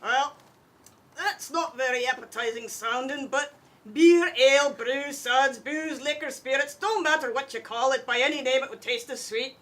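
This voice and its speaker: A woman's voice: sits high, normal speed, a bit bright. A woman doing a hearty ale-loving dwarf lass.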